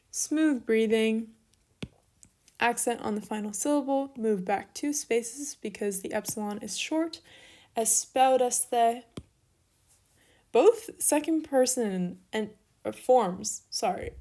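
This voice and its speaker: Teaching Greek online, a young woman spells out each form unhurriedly in a voice that sits a little high. She explains steadily, step by step, while writing, occasionally apologizing for repeating herself.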